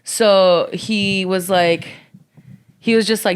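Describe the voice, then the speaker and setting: A woman's voice: fairly low pitch, fairly even intonation, a little slow, smooth. Young woman podcast cohost, candid storytime, swears a lot. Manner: candid, swears freely, acts out quotes. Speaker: podcast co-host. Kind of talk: casual storytelling chat.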